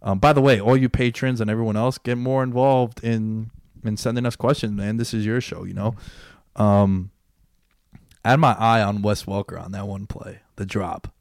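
A young man hosts a casual sports podcast. He has a fairly low voice and tells his stories in an excitable rush, swearing freely. The sound is dry and close. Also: moderate pace, gravelly, no room sound. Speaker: podcast host. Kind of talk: casual chat.

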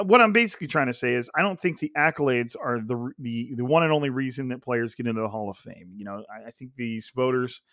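A man's voice: mid-range voice, fairly bright tone, no room sound, clean studio sound. A man hosting a casual solo sports podcast, rambling and thinking aloud with frequent restarts and asides. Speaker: podcast host. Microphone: gaming headset.

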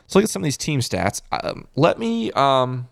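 A man's voice: mid-range voice, big pitch swings, moderate pace, creaky, no room sound, studio quality. A man hosting a casual live-stream postgame recap, chatty and thinking aloud as he reads through stats and repeats his reactions. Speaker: host of a fan postgame show.

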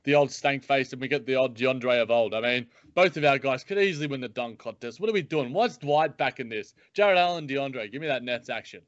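A man hosting a sports podcast, chatting in an animated, joking way with playful asides. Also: medium pitch, a little fast, hardly any pauses, no echo. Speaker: podcast host. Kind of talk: casual sports podcast chat. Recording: dry, dull lo-fi audio.

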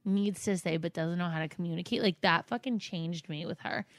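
A woman's voice: lowish voice, brisk, dry recording. A woman with a New Jersey accent co-hosting a podcast in casual chat, swearing freely and telling stories with feeling. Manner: emotional, swears freely, animated storytelling. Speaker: podcast co-host.

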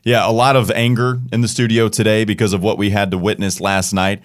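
A man's voice: lowish voice, flat delivery, a little fast. A man hosting a sports podcast, rattling off stats with sarcastic asides. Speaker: podcast host.

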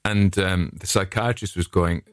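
Middle-aged man from England, deep voice, dry close sound, rambling friendly anecdotes. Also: fairly even intonation, unhurried, smooth, no echo. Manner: digressive anecdotal storyteller, friendly. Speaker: podcast host. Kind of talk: casual rambling chat.

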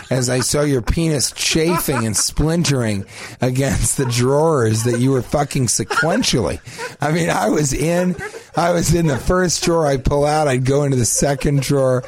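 A man hosting a comedy podcast, telling crude, absurd stories in a deadpan, rambling way. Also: medium pitch, normal speed, noisy background.

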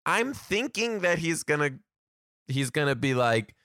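A man, a teacher, chatting casually with viewers as he tells a story in an animated way, swearing now and then. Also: fairly high pitch, unhurried, no echo, clean studio sound.

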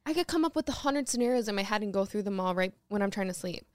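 A young woman co-hosting a podcast, telling stories in a lively way and acting out what others said, laughing as she goes. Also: medium pitch, fast, dry recording, clean studio sound. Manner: animated storytelling, acts out quotes with laughter. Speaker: podcast co-host. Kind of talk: casual chat.

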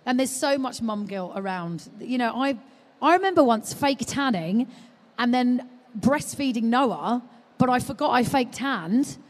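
A woman tells funny parenting stories on a live podcast stage, her slightly high voice bouncing around and jumping up when she acts out quotes. A long reverb from a big exhibition hall hangs behind her. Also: measured pace. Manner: animated storytelling, acting out quotes. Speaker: guest, mother of a baby.

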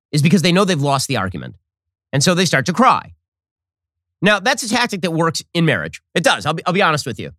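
Rapid-fire, sarcastic male talk host. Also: fairly high pitch, a bit bright, dry recording, clean studio sound. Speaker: political commentary host. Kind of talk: opinion talk show monologue.

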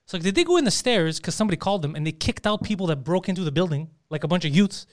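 A man telling a profane, animated story in casual chat. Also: high-pitched, rapid-fire. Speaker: podcast host.

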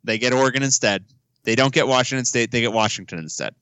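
Podcast co-host, man, bright tone, dry close mic, quick jokey banter. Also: mid-range voice, smooth, dry recording. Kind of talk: casual sports chat.

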